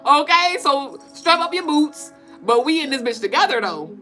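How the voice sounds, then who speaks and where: High-voiced, profane spiritual live-streamer. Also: female voice, normal speed, soft background music. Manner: profane, animated, laughing and chanting. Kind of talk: casual live-stream tarot-style reading.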